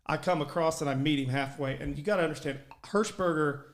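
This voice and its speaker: Animated, profane man telling stories. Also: on the high side, a little fast. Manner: profane, animated, shouts when quoting his coach. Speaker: podcast co-host. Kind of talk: casual storytelling chat.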